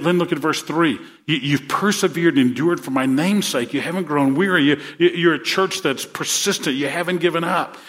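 Male pastor delivering a sermon; earnest, repetitive, building emphasis; slightly higher voice. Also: a bit bright. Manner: earnest, repeats words, builds to rousing emphasis.

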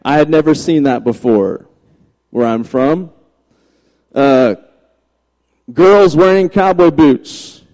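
Pastor guy from virginia cracking jokes mid sermon, kinda high mellow voice, big echoey church hall. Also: takes it slowly, long pauses. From Virginia, USA. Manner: chatty, joking, animated anecdotes. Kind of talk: humorous sermon storytelling. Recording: long reverb of a large hall.

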